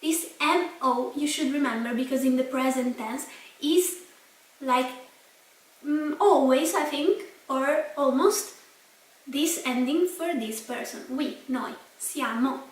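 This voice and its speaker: A young Italian woman with an Italian accent, teaching a language lesson slowly and carefully, repeating each word. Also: sits high. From Italy. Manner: spells out and repeats words slowly. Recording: echoey room, mic at a distance.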